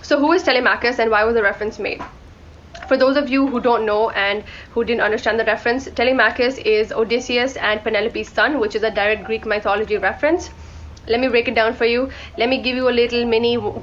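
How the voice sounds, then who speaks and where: A woman's voice: fairly high pitch, fairly even intonation, quick pace, fairly bright tone, a little hiss or hum. A young woman from India talking casually about books she read, rambling and correcting herself as she goes. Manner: chatty, rambling, corrects herself mid-sentence. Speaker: book vlogger. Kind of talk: casual book review chat. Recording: dull lo-fi audio with faint background music.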